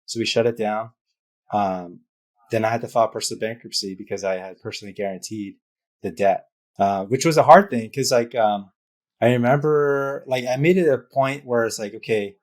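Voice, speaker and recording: Speaking at normal speed and medium pitch, this man is a business founder being interviewed, sharing a heartfelt, emotional story of his own with plenty of fillers.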